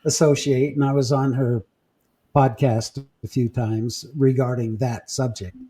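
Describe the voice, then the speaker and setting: A man podcast host in casual chat, telling stories with halting restarts and fillers. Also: mid-range voice, little pitch movement, warm tone, slightly rough. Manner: storytelling, halting with repeats and fillers.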